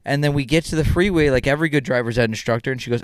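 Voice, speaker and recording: Young man, podcast co-host, animated comic storyteller, smooth voice, dry close sound. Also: medium pitch, racing, no room sound. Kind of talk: casual chat, storytelling.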